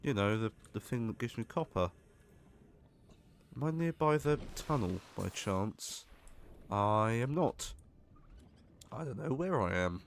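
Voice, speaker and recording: A man's voice: on the low side, expressive, a little slow, creaky, long pauses, slight background noise. A man giving casual gameplay commentary, chatty and jokey, swearing when startled. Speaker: gaming streamer.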